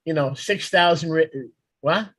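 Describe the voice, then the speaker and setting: A man's voice: a little high, a little slow, a bit bright, dry recording. A man leading a congregation meeting, joking and teasing the others in playful banter. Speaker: congregation leader.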